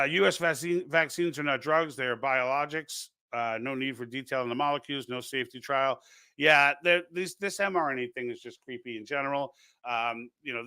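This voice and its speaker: A man's voice: medium pitch, sharp tone, clean tone, no echo. A man with a New York accent hosting a casual political livestream, reading out chat comments and rambling with frequent restarts. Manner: rambling, many restarts and repeated words.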